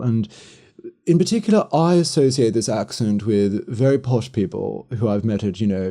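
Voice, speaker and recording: A podcast host with a Southern Standard British English accent talks to English learners in a frank, chatty way. His voice is fairly low and soft-toned. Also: creaky. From West Country, England. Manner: chatty, frank, with many fillers. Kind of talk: casual explanatory talk for English learners.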